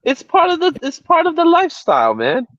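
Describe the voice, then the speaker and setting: A man's voice: very high voice, huge pitch swings, fairly quick, fairly bright tone, no echo. A man chatting animatedly on a video call from a car, with stammering restarts. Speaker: panelist. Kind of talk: casual panel chat. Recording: dull, dry lo-fi call audio.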